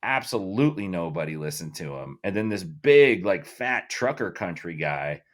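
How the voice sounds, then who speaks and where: A man's voice: sits low, sing-song, normal speed. Casual, profane male podcast co-host. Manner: loose and profane, lots of fillers. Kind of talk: casual chat.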